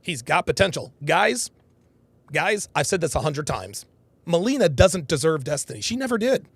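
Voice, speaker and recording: A man's voice: fairly high pitch, moderate pace, gravelly, slightly rough, dry recording. A man hosting a live reaction commentary, talking emphatically and repeating himself for stress. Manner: animated, repetitive emphatic phrasing. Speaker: host.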